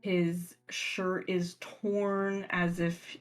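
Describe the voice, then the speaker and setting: A woman narrating as game master of a horror tabletop game, describing scenes slowly and deliberately. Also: fairly low pitch, flat delivery, soft background music.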